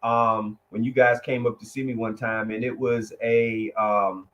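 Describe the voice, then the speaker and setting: A man, a guest telling his testimony in an emotional, halting way with many restarts. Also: medium pitch, level tone, fairly bright tone, lo-fi sound. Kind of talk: conversational testimony.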